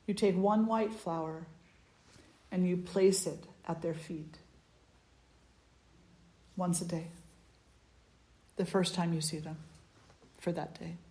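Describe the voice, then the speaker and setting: A woman spiritual teacher giving a satsang talk, telling stories gently in short, unhurried phrases. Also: fairly low pitch, steady tone. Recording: echoey room.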